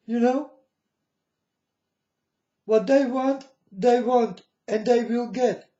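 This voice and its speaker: Slow, high-voiced man lecturing. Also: mellow. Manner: lecturing, repeats "folks" and "you understand". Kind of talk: preachy monologue to viewers. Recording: echoey room, dull lo-fi sound.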